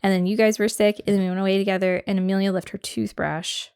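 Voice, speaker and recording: Chatty woman with a slightly hoarse voice. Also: medium pitch, little pitch movement, fast, darkish tone. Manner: chatty storytelling, laughing often, many fillers. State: a little hoarse from a cold, voice deeper than usual. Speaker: podcast co-host. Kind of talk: casual chat.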